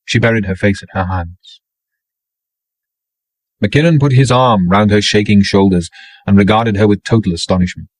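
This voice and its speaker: A man narrating an audiobook in a measured, even reading. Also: lowish voice, no room sound, low-quality recording. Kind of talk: scripted narration.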